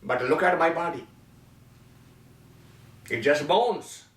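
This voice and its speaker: A mocking, weary skeleton of a bird, as a man puts it on while telling a story, voiced high and bright. It laughs at fools, then turns remorseful. The sound is echoey and set back from the mic. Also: animated, takes it slowly. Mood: regretful. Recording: echoey room from far off.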